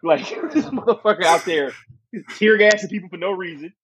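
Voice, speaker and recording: Man, casual co-host, high animated voice with husky grain, profane and emphatic. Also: normal speed. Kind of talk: casual chat.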